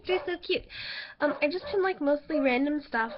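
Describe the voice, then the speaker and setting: A young woman with a high, bright-pitched voice chats to her camera in a loose, rambling way, full of ums and little giggles. The sound is a bit dull and lo-fi, like a basic home webcam recording. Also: expressive, normal speed. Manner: chatty, giggly, rambling with fillers. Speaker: vlogger. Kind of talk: casual chat to camera.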